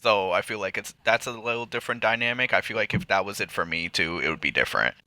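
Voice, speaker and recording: Very deep-voiced man, bright and dry. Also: fast talker, dry recording. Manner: relaxed, rambling, acts out his family in quotes. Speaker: podcast co-host. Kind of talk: casual chat.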